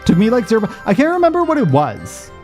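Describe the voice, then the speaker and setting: A man streaming a game, chatting rapidly and swearing freely as he plays. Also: sits high, wildly swooping pitch, darkish tone, soft background music. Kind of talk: casual gaming commentary.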